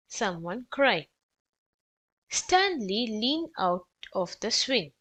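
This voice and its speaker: A woman reading a children's picture book aloud, expressive and clear for young listeners. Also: medium pitch, slow. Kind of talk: read-aloud storytelling for kids.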